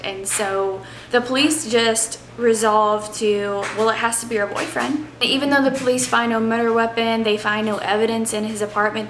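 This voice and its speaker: Chatty excited woman in an echoey room. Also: a little high. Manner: chatty and excited, with breathy whispered asides. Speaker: book vlogger. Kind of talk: casual reading vlog chat. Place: home reading nook, indoors. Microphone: camera on a tripod. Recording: roomy echo with faint background noise.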